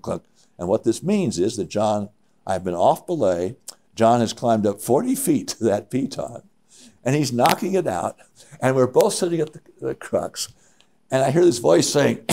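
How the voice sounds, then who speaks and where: An older man, a mountaineer, telling stories from his climbs in an interview, animated and full of halting restarts. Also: medium pitch. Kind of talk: reminiscing interview.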